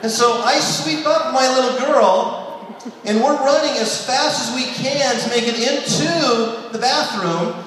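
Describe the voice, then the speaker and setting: A man doing a stand-up routine, telling a long family story and dropping to a soft hush for quoted lines. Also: very high-pitched, unhurried. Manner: storytelling, drops to a soft hush for quoted prayers and bedtime talk. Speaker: stand-up comedian. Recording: echoey hall from far off.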